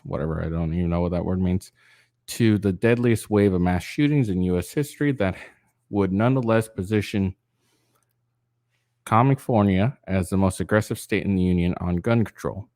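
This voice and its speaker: A man with a fairly low voice reads a news piece aloud and keeps breaking into crude, rambling asides. He sounds tired, stumbles and restarts often, and leans on fillers. The sound is close and dry. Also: normal speed, darkish tone, dry recording. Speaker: political commentary channel host. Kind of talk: casual reading of a news article with rants.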